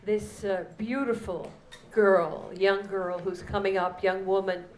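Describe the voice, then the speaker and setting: A woman hosting a benefit evening, unhurried as she introduces performers to a live audience. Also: medium pitch, fairly even intonation, darkish tone, slight background noise. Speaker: event host. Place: event hall with live audience. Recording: roomy hall echo.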